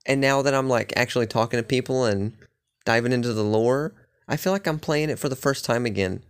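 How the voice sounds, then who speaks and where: A man's voice: medium pitch, fairly quick, clear, resonant tone. A man casually recapping his playthrough of a fantasy game, rambling and swearing with lots of filler words. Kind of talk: casual chat.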